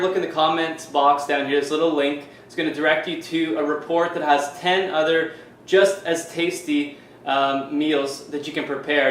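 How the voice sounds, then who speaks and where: Recorded roughly in a reverberant space with a faint hiss or hum, a man from Canada speaks in a higher, somewhat bright voice. He's a fitness coach casually showing a recipe to camera in his home kitchen, chatty and loose and leaning on fillers such as "you know."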